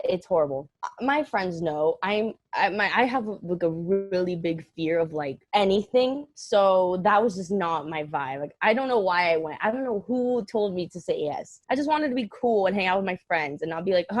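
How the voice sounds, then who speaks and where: A young adult woman telling a story in casual chat, animated and laughing, with quick self-mocking asides. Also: lowish voice, dry recording. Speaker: podcast co-host telling a story.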